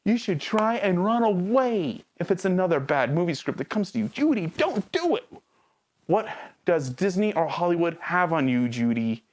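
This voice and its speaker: Lowish woman's voice doing a snarky movie review, super bouncy pitch, asks the viewer lots of sarcastic questions. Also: animated, normal speed, darkish tone. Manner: talks straight to the viewer. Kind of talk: casual video review.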